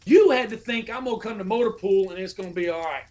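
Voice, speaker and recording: A middle-aged American man tells a war-buddy story in loose, salty podcast chat. His delivery is animated and full of profanity. He acts out his old barked orders as he goes. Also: high-pitched, fast. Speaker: podcast guest, army veteran. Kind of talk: casual storytelling.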